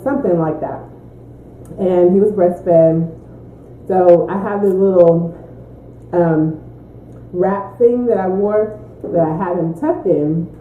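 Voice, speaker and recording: A woman, a mother, chatting casually in a mukbang Q&A, a lively storyteller who laughs often. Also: on the low side, a little hiss or hum. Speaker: mother answering Q&A. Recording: tinny echoey room recording.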